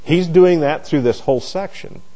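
A man's voice: a little high, mellow. A middle-aged man teaching a Bible class, often stumbling and repeating words as he works out his phrasing. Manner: halting, repeats words while searching for phrasing.

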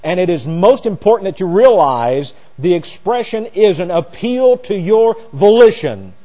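A man teaching a sermon verse by verse, booming on key phrases and dropping low for asides and stories. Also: expressive, unhurried. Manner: swings from loud emphatic preaching to quiet asides; explains Greek words, tells anecdotes. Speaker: preacher. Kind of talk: expository Bible teaching. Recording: long hall reverb.

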